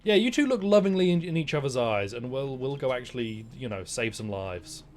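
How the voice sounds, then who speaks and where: A man's voice: medium pitch, lively intonation, a little fast, a little mellow, soft background music. A man giving casual, sarcastic commentary while streaming a game, rambling and swearing freely.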